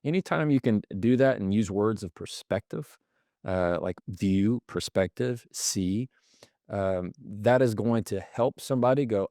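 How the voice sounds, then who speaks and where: A man's voice: lowish voice, a little slow, mellow, no echo, clean studio sound. A man on a podcast as a guest, explaining communication habits through everyday examples and acting out the lines people say. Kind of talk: conversational explanation.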